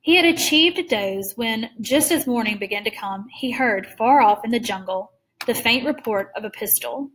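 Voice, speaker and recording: A woman reading a story aloud in a measured way, slowing down for suspense. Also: fairly high pitch, expressive, a bit bright, far from the mic. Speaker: reader. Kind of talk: read-aloud story narration.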